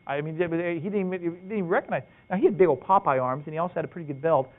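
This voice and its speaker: A man's voice: fairly high pitch, lively intonation, fast talker. A middle-aged man preaching a sermon to men, telling family stories, quoting his father and asking rhetorical questions. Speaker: preacher at a men's gathering. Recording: tinny phone-like sound.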